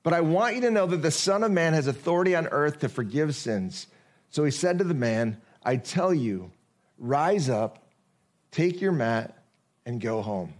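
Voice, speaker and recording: Higher-voiced man preaching a sermon. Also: animated. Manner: conversational, with frequent rhetorical questions; reads scripture slowly and deliberately. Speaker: pastor.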